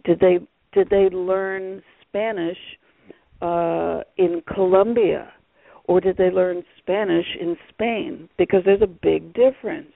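A man's voice: high voice, takes it slowly, gravelly, no room sound. A man talking as an author guest on a radio interview, rambling with many fillers over a phone line.

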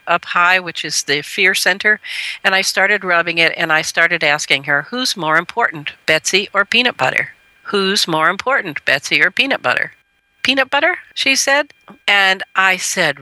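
A middle-aged woman with a very bright, clear voice shares a parenting story as a radio guest. She speaks earnestly and gently, and her voice rises when she quotes someone. The recording is close and dry, with no room sound. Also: medium pitch, no echo, rough recording.

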